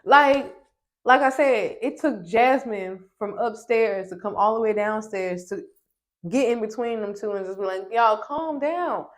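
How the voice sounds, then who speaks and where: A woman's voice: mid-range voice, a little slow. A young woman with a mid-range voice recaps a reality show in a casual, sassy way. She is emphatic and often addresses the people on screen directly. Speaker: reality TV reviewer.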